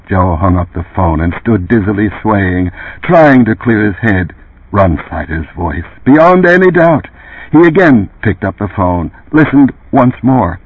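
A man narrates an audiobook with a lively, swinging pitch and a slightly husky voice. The recording is dry and close, with a tinny, phone-like narrowness. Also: measured pace, no echo. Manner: expressive, varied delivery.

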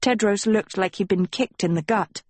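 A woman narrating an audiobook in a measured storytelling manner. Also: medium pitch, a little mellow, breathy edge, no echo. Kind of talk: scripted narration.

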